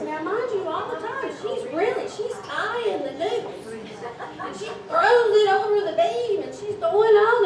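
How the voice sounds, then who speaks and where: A woman telling a story live on stage, with an animated, dramatic delivery. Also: very high-pitched, a little slow. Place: event hall with audience. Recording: echoey hall, distant mic, noisy.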